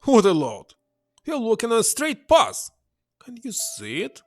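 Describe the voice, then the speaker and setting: A man's voice: sits high, wildly swooping pitch, very slow, bright, forceful tone, no room sound, faint music behind, voice pushed up, heavily acted. A man doing a brash, mocking young thief girl. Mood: brash taunting.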